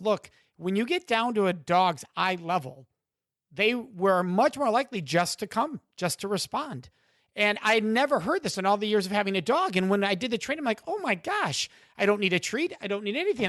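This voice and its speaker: A man hosting a podcast interview, asking questions with enthusiasm and warm appreciation. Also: high-pitched, dry recording, clean studio sound. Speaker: podcast host.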